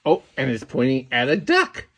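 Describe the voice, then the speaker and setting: A man's voice: medium pitch, wildly swooping pitch, moderate pace, heavy background noise. An older man and grandfather, teaching a small child at home in a playful, sing-song way and often repeating himself. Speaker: grandfather host.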